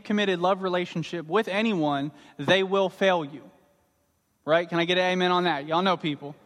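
A man preaching a sermon as pastor, earnest and emphatic, repeating his key words. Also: sits high. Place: church sanctuary. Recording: long reverb of a large hall.

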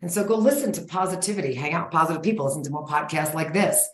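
A woman in her forties talks bluntly and with lots of energy, in a folksy, plain-spoken way. Her voice sits a little low, and the room around her is echoey. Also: rapid-fire. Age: 40s. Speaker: guest, sugar-cravings coach. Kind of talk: casual interview chat. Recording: roomy echo.

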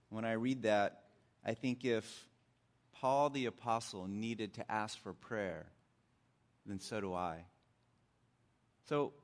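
A middle-aged man preaching as a pastor, telling stories in a conversational way that grows animated when he recounts his frustration. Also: mid-range voice. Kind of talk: sermon.

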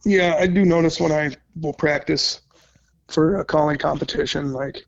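A man's voice: fairly high pitch, fairly even intonation, normal speed, gravelly. A man from Minnesota, a podcast guest, talking casually and rambling a bit, with some swearing. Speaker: podcast guest, goose-calling competitor. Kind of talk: casual chat. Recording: dull lo-fi sound.

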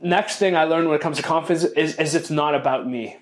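A man's voice: on the high side, a little fast, slight background noise. A man hosting a podcast, speaking earnestly and reflectively in a monologue about lessons he learned, often restarting and repeating key phrases. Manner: openly emotional, calls himself sensitive. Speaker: podcast host.

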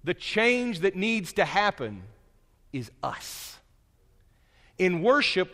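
A male preacher giving a sermon, moving between quiet, low asides and raised, emphatic points. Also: very animated, slow pace, pauses often. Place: church sanctuary. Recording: long reverb of a large hall.

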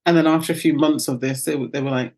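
A middle-aged British woman, a guest telling lively anecdotes and acting out the voices of the people in them. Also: deep voice, fast talker. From United Kingdom. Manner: animated, acts out voices in her anecdotes. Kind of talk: storytelling interview.

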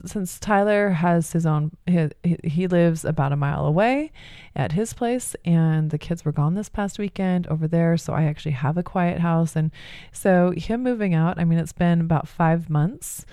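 A woman's voice: on the low side, normal speed, dark tone, no echo, studio quality. A middle-aged woman, a mother, talking in a candid, rambling personal monologue full of fillers and restarts.

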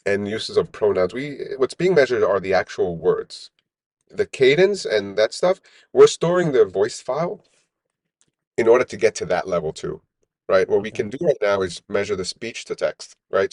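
A man's voice: lowish voice, no room sound. A middle-aged man, a company founder in an interview, talking animatedly and often tagging his points with "right?". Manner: animated, peppers speech with "right?". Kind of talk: casual interview talk.

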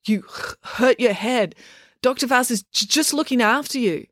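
A woman's voice: a little high, normal speed, a bit bright, dry recording, clean studio sound, voice pushed up. A woman voicing a timid sixteen-year-old boy who stutters on his words. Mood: flustered.

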